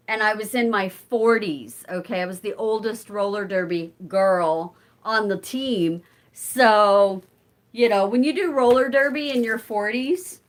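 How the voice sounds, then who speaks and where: A woman's voice: a little high, fairly bright tone. A woman in her forties hosting a casual live-stream chat, answering viewers and talking to her cat. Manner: chatty, talks to her cat between replies to viewers. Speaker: channel host.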